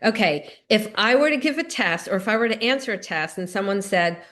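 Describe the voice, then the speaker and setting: A woman's voice: mid-range voice, lively intonation, brisk, fairly bright tone. A middle-aged woman giving a recovery meeting talk, telling personal stories in an earnest, conversational way.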